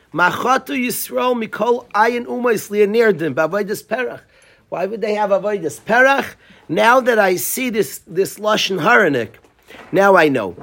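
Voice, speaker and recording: A man giving a casual Torah class, animated and acting out the lines he quotes. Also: high voice, husky. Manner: animated, acts out quoted lines, restarts often. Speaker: Torah teacher.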